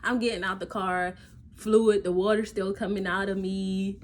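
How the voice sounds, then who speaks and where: A young woman talks through a personal story, her voice at a middle pitch. She chats casually, piling up fillers and acting out what everyone said. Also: normal speed. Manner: animated retelling with quoted dialogue, many fillers. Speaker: vlogger.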